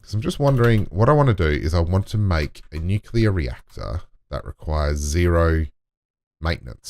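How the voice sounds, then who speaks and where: A man's voice: sits low, expressive, normal speed, darkish tone, dry recording. A man giving casual gameplay commentary, muttering to himself and talking to in-game items as he builds. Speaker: let's play gamer.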